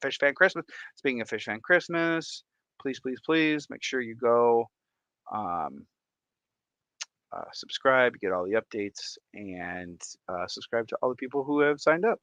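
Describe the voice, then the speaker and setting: A man hosting a casual livestream, excitedly reacting aloud to viewer comments. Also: mid-range voice, takes it slowly, no echo, highs cut off. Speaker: livestream host.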